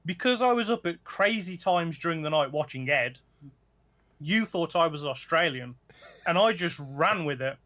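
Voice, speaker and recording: A man's voice: a little high, expressive, normal speed, sharp tone. A middle-aged man from England, a guest streamer chatting casually and joking about his own silly accents. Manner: jokey, playful with silly accents. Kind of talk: casual podcast chat.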